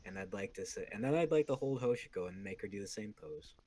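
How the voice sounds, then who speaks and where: A man playing a character in a tabletop role-playing game, speaking in a measured, formal way. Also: on the low side, expressive, mellow, slight background noise. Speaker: player.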